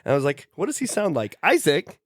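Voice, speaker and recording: A man's voice: on the high side, wildly swooping pitch, fast talker, no room sound, clean studio sound. A young man co-hosting a podcast, telling a rambling story and laughing often in casual chat. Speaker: podcast co-host.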